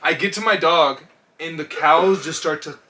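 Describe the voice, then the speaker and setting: A man co-hosting a casual comedy podcast, telling stories with lots of swearing and bursts of shouting. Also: on the high side, moderate pace, background noise. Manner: profane storytelling, shouts when acting out scenes. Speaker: podcast co-host.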